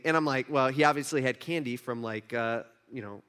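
A man in his thirties preaches with a noticeably high voice, sliding from hushed asides into emphatic bursts. He tells a family story the way a sermon storyteller would. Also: animated, brisk, hardly any pauses. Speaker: pastor.

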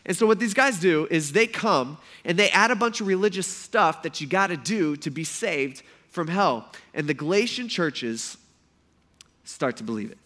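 A man preaching a sermon in a casual, animated way, acting out quotes loudly before a congregation. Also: sits high, normal speed. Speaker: pastor. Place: church hall before a congregation.

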